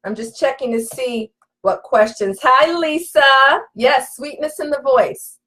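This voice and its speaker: A woman's voice: sits high, expressive, unhurried, fairly bright tone. A woman relationship coach giving an emphatic live session, talking straight to her audience. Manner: emphatic, preacherly, addresses audience directly.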